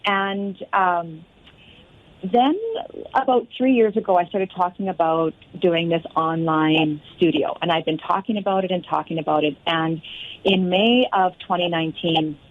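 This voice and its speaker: Brief: woman guest, fitness studio owner, animated storyteller, low-ish voice on a dull line. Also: moderate pace. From Canada. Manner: lively storyteller acting out quoted conversations. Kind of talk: interview storytelling.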